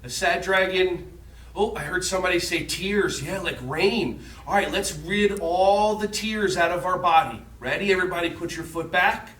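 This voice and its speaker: A man with a high, bright voice guides children through a yoga lesson at an unhurried pace. He sounds gentle, encouraging and playful. His voice comes from some distance away, in an echoey room. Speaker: kids yoga instructor.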